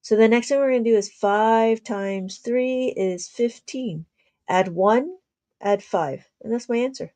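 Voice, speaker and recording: A woman's voice: fairly high pitch, a little slow, warm tone. Sleepy, chatty woman teaching abacus math. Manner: chatty, laughs often, talks to viewers by name. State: sleepy, yawning. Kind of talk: casual livestream math lesson.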